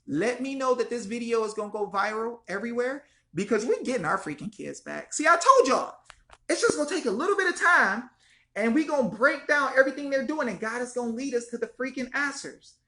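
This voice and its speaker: A woman's voice: on the high side, expressive, fairly quick, sharp tone. A woman vlogging an impassioned, repetitive rant straight to her viewers, calling them y'all. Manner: fiery, repetitive, swears mildly, addresses viewers as y'all. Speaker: activist vlogger. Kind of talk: impassioned direct-to-camera rant.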